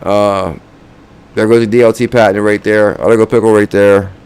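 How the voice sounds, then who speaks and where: A man's voice: on the low side, little pitch movement, moderate pace, darkish tone, clear, resonant tone. A man hosting a crypto channel, chatting loosely with viewers, counting down names and urging likes and comments. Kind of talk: casual livestream chat.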